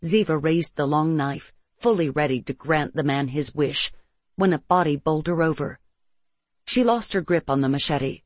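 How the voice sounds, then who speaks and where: A narrator reading science-fiction adventure fiction aloud in a steady storytelling manner, close to the mic. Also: mid-range voice, normal speed, dry recording. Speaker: audiobook narrator.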